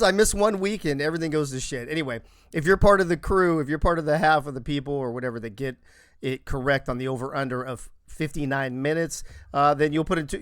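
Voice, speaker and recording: A man hosting a live-streamed show in casual chat, joking and rattling off quick shout-outs to viewers. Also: a little high, no room sound, clean studio sound.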